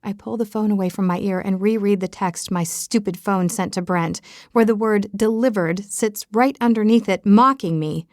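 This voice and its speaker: Woman narrating a romance audiobook, wry comic tone, mid pitch, dry sound. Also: normal speed, a little mellow, no room sound. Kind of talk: scripted first-person narration.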